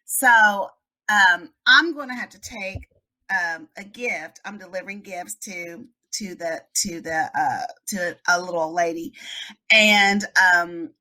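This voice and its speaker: A woman's voice: lowish voice, slow, bright, forceful tone. A woman author chatting in an interview, telling a story animatedly and acting out the voices in her quotes. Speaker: children's book author. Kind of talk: casual interview chat.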